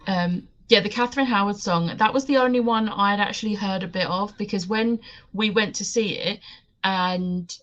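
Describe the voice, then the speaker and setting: A woman's voice: medium pitch, moderate pace, fairly bright tone, lo-fi sound. A woman chatting casually with friends on a video call, rambling with fillers. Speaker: readathon friend. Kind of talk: casual chat.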